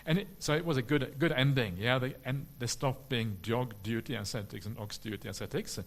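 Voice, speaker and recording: A man, a Buddhist monk, answering questions at a retreat in a relaxed, humorous way with many "uh" fillers. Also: mid-range voice, fairly quick. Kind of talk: dharma talk question and answer.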